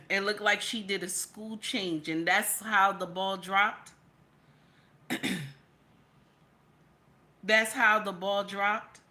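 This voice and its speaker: A woman's voice: medium pitch, steady tone, slow, long pauses, sharp tone. A woman hosting a casual livestream, repeating her phrases for emphasis and reading chat comments aloud. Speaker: livestream reaction host.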